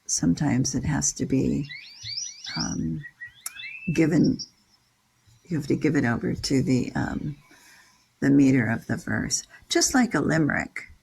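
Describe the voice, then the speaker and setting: An older person leading a scripture class, chanting Sanskrit syllables slowly and explaining verse meter and word meanings in a casual way. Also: medium pitch, creaky, a little hiss or hum, low-quality recording. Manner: reads out word-by-word glosses in a steady list. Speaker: leader of a scripture reading class.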